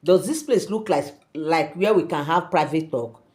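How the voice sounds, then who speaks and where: A calm, stern middle-aged king, told by a woman with a Nigerian accent, scolding in a firm, low, even way. The voice stays near the storyteller's own. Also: normal speed.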